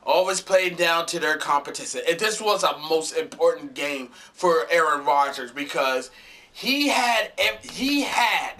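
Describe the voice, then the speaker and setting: A sports fan vlogger goes on an angry football rant about his team, swearing often, repeating himself and stumbling over his words. His voice is fairly high and expressive, with a measured pace and a sharp tone.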